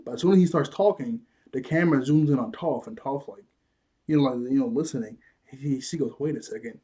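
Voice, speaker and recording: Husky man recapping with laughs. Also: mid-range voice, brisk. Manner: animated retelling, acts out quotes, laughs often. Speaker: show reviewer. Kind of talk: casual episode recap.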